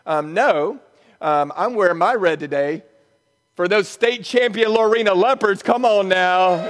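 A pastor preaching a sermon in a church, conversational and joking between points. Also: male voice, high voice, a little slow, a bit bright, in a large hall. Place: church sanctuary.

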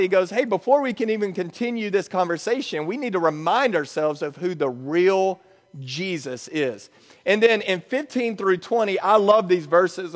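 Pastor guy, highish voice, chatty sermon with jokes, big echoey church. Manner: conversational with joking asides. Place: church sanctuary.

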